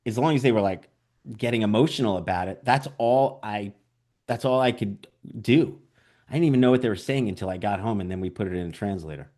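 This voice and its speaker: A man's voice: on the low side, fairly quick. A man, a documentary director, talks through his filmmaking experiences in an interview. He tells stories with energy, acts out the voices of the people he met, and fills his speech with "like" and "you know". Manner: animated storyteller, acts out quotes; frequent "like" and "you know" fillers. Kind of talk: interview conversation.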